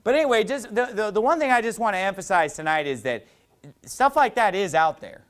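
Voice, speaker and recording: A man's voice: high-pitched, big pitch swings, fairly quick. A middle-aged male pastor preaching a sermon, telling stories in a loose, conversational way with lots of "you know".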